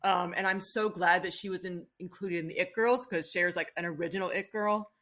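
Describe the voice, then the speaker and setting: A woman's voice: on the low side, fairly even intonation, a little fast, a bit bright. Gushing, rambling woman on a podcast. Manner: gushing, rambling, restarts often. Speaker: podcast guest. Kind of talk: casual podcast chat.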